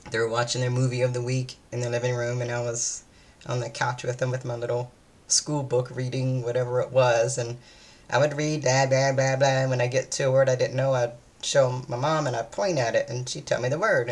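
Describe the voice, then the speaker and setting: Woman, tired vlog chat, rambling, hesitant, lots of fillers. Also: a bass voice. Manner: meandering and hesitant, with many fillers and restarts. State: weary, low-energy. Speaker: vlogger. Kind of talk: casual day-in-my-life chat.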